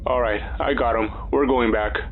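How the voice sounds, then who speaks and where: A man's voice: mid-range voice, steady tone, moderate pace, faint music behind. A man voicing an astronaut on a tinny radio. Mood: calm. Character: male astronaut talking over a space radio. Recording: tinny radio line, faint hiss.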